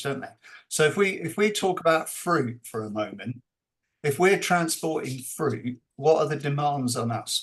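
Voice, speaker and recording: A man presenting a teacher training session over a video call, explaining slowly and acting out classroom dialogue. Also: mid-range voice, fairly bright tone.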